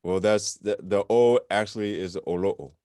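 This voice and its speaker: A man teaching a beginner language class in a relaxed, chatty way, often correcting himself as he explains. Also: fairly low pitch, normal speed, no echo, studio quality. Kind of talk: informal online class.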